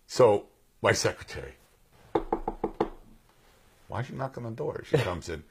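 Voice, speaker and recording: A man telling a story in an interview clip, excitable, acting out the other people's voices and shouting the quotes. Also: on the low side, moderate pace, creaky, long pauses, a little hiss or hum. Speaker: film director telling an anecdote.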